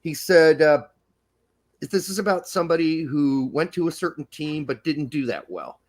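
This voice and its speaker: Lively, high-voiced casual American man. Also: moderate pace. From United States. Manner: loose, profane, joking. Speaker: podcast co-host. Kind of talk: casual banter about soccer.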